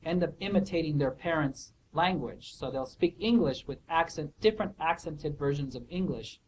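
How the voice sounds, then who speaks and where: A man's voice: on the high side, expressive, moderate pace, darkish tone, slight background noise, poor audio. A man answering student questions in a casual academic way, thoughtful and hesitant, with many fillers and restarts. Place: office hour recording.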